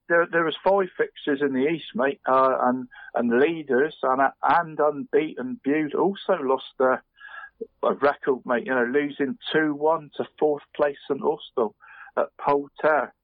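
A man chats his way through local football scores, restarting his sentences and tacking "mate" onto almost every phrase. His voice sits at an ordinary middle pitch. The sound is thin and tinny, like a phone line, and completely dry. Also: dry recording. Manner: chatty, says "mate" constantly, halting restarts. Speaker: radio sports presenter. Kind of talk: casual football results round-up. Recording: phone-line quality radio audio.

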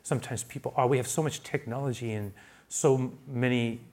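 A man preaching a sermon as pastor, who often restarts his phrases and swings between quiet asides and loud, raised emphasis. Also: steady tone, fairly quick. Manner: builds to loud, high-pitched emphasis, then drops to quiet asides; repeats words and restarts phrases.

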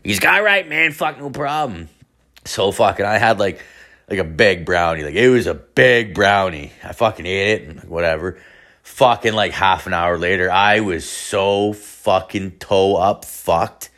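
A young man with a somewhat low voice tells a meandering personal story. He swears constantly, trips over his own restarts and talks in loose, laid-back slang. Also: a little slow, fairly bright tone. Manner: profane, rambling, stoner slang, frequent restarts. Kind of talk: casual rambling anecdote.

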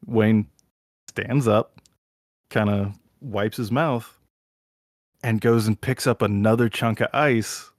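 Casting: man, lower register, animated profane storyteller, dry close sound. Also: takes it slowly, pauses often, no echo. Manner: animated storyteller who swears freely. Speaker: podcast host. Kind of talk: casual chat, retelling a show scene.

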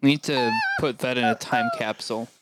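A man's voice: mid-range voice, a little fast, heavy background noise. A man joining a casual podcast chat with wry, teasing remarks. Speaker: podcast guest.

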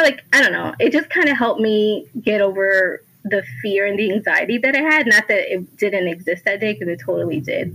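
Bright, animated woman telling stories. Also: mid-range voice, gravelly, rough recording. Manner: animated storytelling, laughing often, acting out voices. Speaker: podcast guest. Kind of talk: casual chat.

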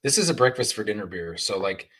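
A man with a husky, somewhat low voice chats casually about beer on a podcast. His pitch swings a lot, and he stops and restarts his sentences often. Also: lively intonation, fairly bright tone. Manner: halting, with many restarts. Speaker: podcast co-host. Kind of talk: casual chat.

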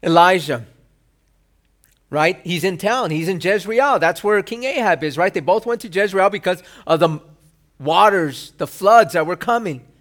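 A male pastor preaching a sermon. He asks rhetorical questions and acts out quoted lines with sudden loud bursts. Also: sits high, lively intonation, normal speed.

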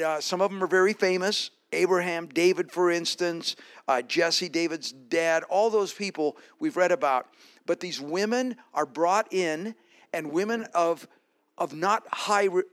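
A man delivers a Sunday sermon in a church. His voice sits a little higher than most men's, and his manner is relaxed and conversational. He often stops to ask the congregation questions. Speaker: pastor. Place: church with slides.

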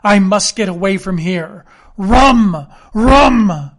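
A man's voice: high-pitched, animated, very slow, gravelly, husky, exaggerated voice. A man reading an audiobook, voicing a cantankerous old sea captain who bellows and demands. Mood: desperate. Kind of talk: audiobook character voice.

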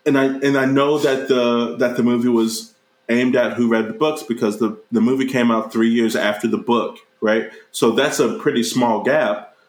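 A man co-hosting a casual, profane movie review chat, leaping into high mocking voices when he retells scenes. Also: normal speed. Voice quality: animated, jumps into high mocking voices for quoted characters. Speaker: podcast co-host reviewing a movie. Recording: roomy echo.

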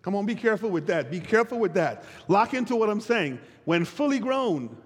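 A male pastor preaching a sermon with rhythmic repetition and call-and-response, building from quiet teaching to shouted peaks. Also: high voice, sing-song, a little fast, breathy edge. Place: church service. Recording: long hall reverb.

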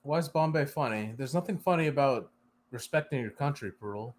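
A man co-hosting a podcast in casual chat, joking and quick to laugh. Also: mid-range voice. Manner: lively, laughs easily, joking. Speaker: podcast co-host.

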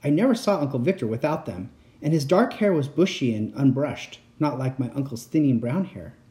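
Reading a spooky chapter book for children, this male narrator keeps a brisk pace. He is steady and expressive, with a dark, mellow tone and a lively pitch that moves up and down.

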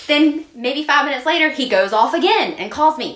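A woman co-hosting a podcast, telling funny stories in a casual, animated way and laughing often. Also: sits high, a little slow. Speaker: podcast co-host. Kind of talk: casual chat. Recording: roomy echo.

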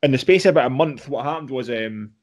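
A Scottish man in his mid-thirties chats as a podcast guest. His talk rambles and is full of swearing, with quoted voices acted out along the way. His pitch sits right in the middle for a man. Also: expressive, quick pace. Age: 30s. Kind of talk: casual podcast chat.

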